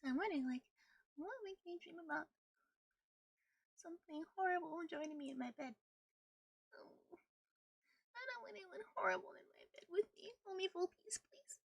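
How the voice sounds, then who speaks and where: A young woman streamer chatting casually with her viewers, bubbly and giggly, with a slightly rough morning voice. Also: very high voice, lively intonation, normal speed, long pauses, no echo. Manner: bubbly, giggly, greets chat one by one. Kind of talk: casual live-stream chat.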